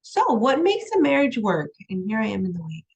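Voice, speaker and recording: Husky-voiced woman giving a casual lecture. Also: a little high, sing-song, fairly quick, poor audio. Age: young adult to middle-aged, has a young daughter. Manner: conversational, repeats "right?" and "um", laughs easily. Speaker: college instructor. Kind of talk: recorded online lecture. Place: home room.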